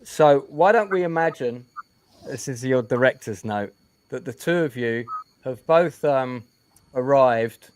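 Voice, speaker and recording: A man with a mid-range voice hosts a relaxed interview over a video call. He is chatty and often repeats words as he gathers his thoughts. Faint noise sits behind his voice. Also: medium pitch, unhurried. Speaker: interview host. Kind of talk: casual interview chat.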